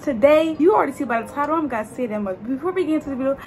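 Excitable young woman vlogger, high voice. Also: racing, few pauses, music in the background. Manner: expressive, exclamatory, slangy. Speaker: beauty vlogger. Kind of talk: casual chat to camera.

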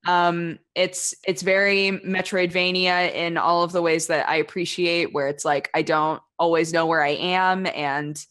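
A woman's voice: fairly low pitch, little pitch movement, measured pace, few pauses, fairly bright tone, clean tone. A woman co-hosting a podcast in casual chat, talking loosely with lots of fillers, on a desk microphone. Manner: chatty and loose, with many fillers. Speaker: podcast co-host. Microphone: USB desk microphone.

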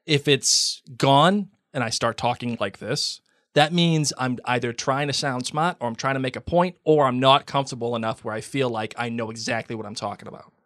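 A man's voice: medium pitch, normal speed, fairly bright tone, no room sound, studio quality. A man from Massachusetts co-hosting a podcast in casual chat, jokey and laughing often. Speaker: podcast co-host.

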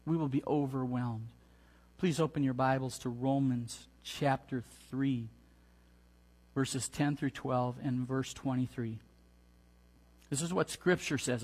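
A male pastor delivering an earnest Easter sermon, reading scripture aloud in a slow, measured way. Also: medium pitch, fairly even intonation, a little mellow, in a large hall. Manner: earnest preaching, reads scripture aloud slowly.

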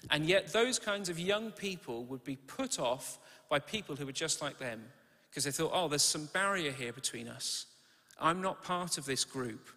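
A man delivering a sermon in a church hall, with a fairly high, forceful and bright voice. He keeps it conversational, asking rhetorical questions and restarting phrases mid-thought. The sound rings with long reverb from the hall. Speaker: preacher.

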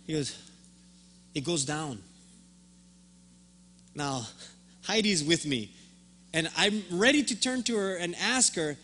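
Man, pastor, sermon, high-pitched, forceful tone, repeats words, acts out dialogue. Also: lively intonation, slow pace, pauses often, breathy edge. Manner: storytelling, acting out both sides of a conversation; repeats words when starting a thought.

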